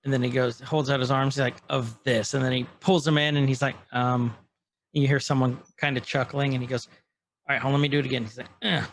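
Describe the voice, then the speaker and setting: A man's voice: mid-range voice, quick pace, a little hiss or hum. A man co-hosting a podcast, casually recapping a show and acting out its lines as he goes. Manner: animated, acts out scene quotes in passing. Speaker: podcast co-host.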